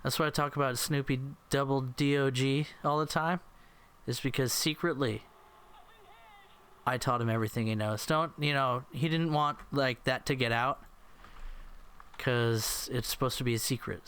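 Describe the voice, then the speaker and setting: Man, game commentary, goofy and rambling, smooth clear voice, mid pitch. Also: steady tone, moderate pace, a bit bright. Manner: silly, rambling, breaks into mock voices and sung lines. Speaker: gameplay commentator.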